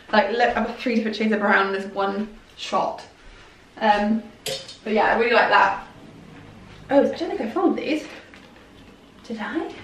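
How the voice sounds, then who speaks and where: A young woman gushes through a clothing try-on, chatty and a little breathless. Her fairly high voice is caught from a distance in a roomy, echoing space. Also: a bit bright, a little hiss or hum. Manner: gushing, chatty, lots of "like" and "I love". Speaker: fashion vlogger. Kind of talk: casual try-on haul chat. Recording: echoey room, voice from off-mic.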